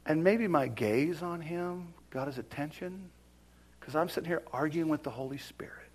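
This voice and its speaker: A middle-aged man preaching a sermon, telling a personal story and swinging from whispers to loud exclaims. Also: fairly high pitch, normal speed.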